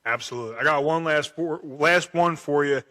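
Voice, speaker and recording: A man's voice: on the high side, fairly quick, sharp tone. A man hosting a podcast interview in a casual, chatty way, often repeating words as he thinks. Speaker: podcast host.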